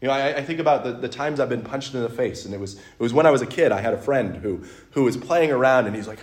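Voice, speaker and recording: Animated, conversational man preaching. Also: fairly high pitch, fast talker. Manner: conversational, animated storytelling with acted-out quotes. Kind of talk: sermon.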